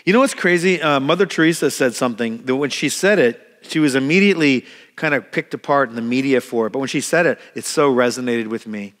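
Conversational pastor preaching in a reverberant hall. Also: male voice, medium pitch, brisk, fairly bright tone. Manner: conversational, repeats words, acts out quoted prayers. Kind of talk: sermon. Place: church hall. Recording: long reverb of a church hall.

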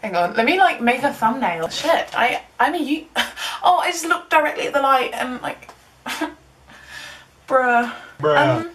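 A young woman rambles to her camera in a loose, giggly vlog, mocking herself as she goes. Her voice sits a little high. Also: animated, unhurried, a bit bright, rough recording. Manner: giggly, chatty, self-mocking. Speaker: vlogger.

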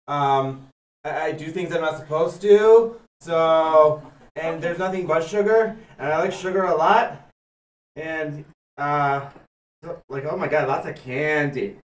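A man in an improv show playing a five-year-old boy hyped up on sugar, excited and stammering. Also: fairly high pitch, far from the mic, natural voice. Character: hyper little boy high on sugar. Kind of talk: improv comedy. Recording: roomy stage audio from afar.

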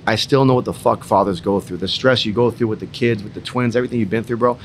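A man's voice: fairly low pitch, fairly even intonation, quick pace, a little hiss or hum. A young man at a business roundtable, telling a personal story in an emphatic, repetitive way with some swearing. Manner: emphatic, repetitive, mildly profane. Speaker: entrepreneur in a roundtable.

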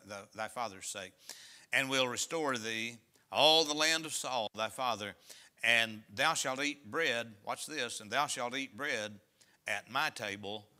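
A man's voice: fairly low pitch, bright, forceful tone. A man pastor preaching a sermon, reading scripture aloud and explaining it with folksy asides. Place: church sanctuary.

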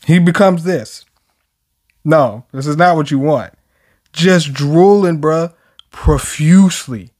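Slangy, slow-talking young man reviewer. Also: fairly high pitch, darkish tone. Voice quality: slangy, profane, joking. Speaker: manga reviewer. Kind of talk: casual chapter reaction.

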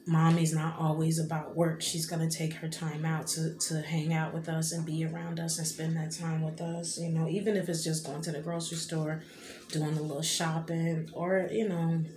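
A woman in her thirties speaks to her vlog viewers in a low, level voice, rambling with plenty of "you know what I mean." She sounds tearful and emotional. The room is echoey, with a clear hum of noise behind her. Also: monotone, normal speed, darkish tone. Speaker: vlogger. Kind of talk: casual heartfelt vlog talk.

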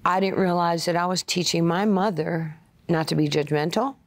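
An older woman from Queens, telling stories as an interview guest, animated and full of fillers and quoted asides. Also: lowish voice, normal speed. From Queens, New York. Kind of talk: casual interview storytelling.

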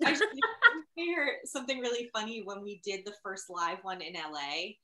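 A woman's voice: mid-range voice, moderate pace. Giggly woman judge in an echoey room. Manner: giggly, animated storyteller. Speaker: spelling bee judge. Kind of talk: casual comedic hosting.

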